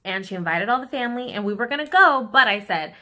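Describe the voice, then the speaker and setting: A woman's voice: a little high, animated, fast talker, pushed and bright. A young woman talking openly and with feeling to her viewers in a personal vlog, tearful at times. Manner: candid and heartfelt, talking straight to viewers. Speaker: vlogger.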